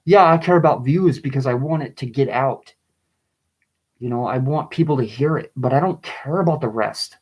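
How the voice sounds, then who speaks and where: A man reading and explaining his own poem in a video, pleading and agitated, his voice rising into angry bursts, with halting restarts. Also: mid-range voice, a little mellow, breathy edge, rough recording. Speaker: vlogger.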